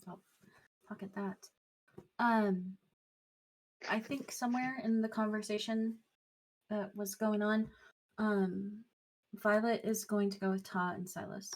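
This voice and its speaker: A woman playing in a tabletop game, talking through her character's actions in a thoughtful, casual way. Her voice sits at an everyday middle pitch. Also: fairly even intonation, takes it slowly, pauses often. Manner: thoughtful, explaining her choices. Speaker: player.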